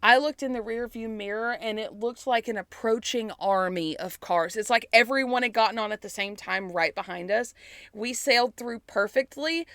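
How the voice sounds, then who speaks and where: Chatty woman with a bright voice. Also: fairly high pitch, normal speed, no room sound. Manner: chatty, laughs often, swears casually. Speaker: podcast co-host. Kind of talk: casual chat. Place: small closet at home. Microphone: laptop setup on a fold-out table.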